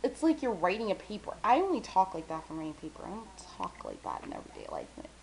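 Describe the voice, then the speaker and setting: A woman's voice: mid-range voice, huge pitch swings, fast talker, poor audio. A young woman casually vlogging, rambling with lots of fillers, self-deprecating and talkative, sometimes mumbling. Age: young adult. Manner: chatty, self-deprecating, quotes friends in bright squealy voices.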